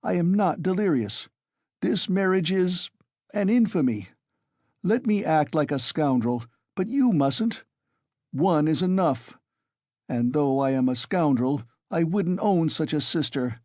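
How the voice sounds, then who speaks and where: A man voicing a feverish, irritable young male student who snaps out his words, pitched above his own voice. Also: expressive, measured pace, a little mellow, no room sound, clean studio sound. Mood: insistent. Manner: agitated, snapping.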